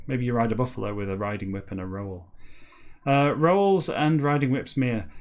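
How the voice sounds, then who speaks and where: A man reading a classic novel backwards for comedy, slow and halting word by word, breaking off for quick muttered asides. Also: medium pitch. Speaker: comedy podcast reader.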